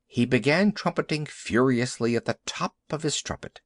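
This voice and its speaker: A man narrating a classic animal tale in an expressive, lively storytelling way. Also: mid-range voice, normal speed, no echo. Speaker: audiobook narrator.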